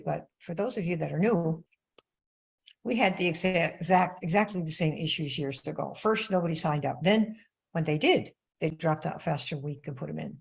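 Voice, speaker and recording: Older female sales coach, low gravelly voice, lively conversational delivery. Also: rough recording. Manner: animated storytelling, conversational. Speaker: network marketing coach. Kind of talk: casual live-stream talk.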